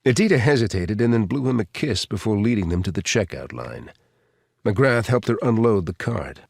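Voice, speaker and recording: A man's voice: sits low, animated, moderate pace, vocal fry, husky, dry recording, clean studio sound. A man narrating a thriller audiobook with dramatic reading.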